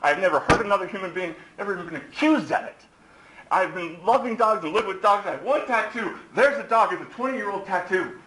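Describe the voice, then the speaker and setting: Hoarse man ranting in an echoey courtroom. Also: high voice, animated, fairly quick, sharp tone, slight background noise. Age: 40s. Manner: heated, accusatory ranting. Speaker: defendant. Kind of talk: courtroom address.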